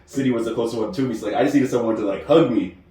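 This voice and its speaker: Animated man telling stories in an echoey room. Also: medium pitch, rapid-fire, recorded from a distance. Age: 30s. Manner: animated storyteller, laughs often. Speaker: podcast co-host. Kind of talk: casual chat.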